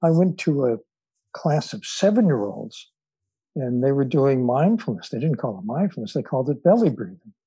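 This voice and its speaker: A man who is a psychologist and author, a guest on an interview podcast, telling stories thoughtfully with frequent filler pauses. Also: medium pitch, sing-song, mellow, slightly rough, dry recording, rough recording. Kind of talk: relaxed storytelling in conversation.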